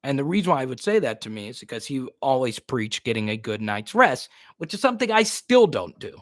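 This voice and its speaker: A man's voice: mid-range voice, very animated, fairly quick, dry recording, studio quality. A man hosting a casual live stream. He laughs often and repeats himself as he talks. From New Roads, Louisiana.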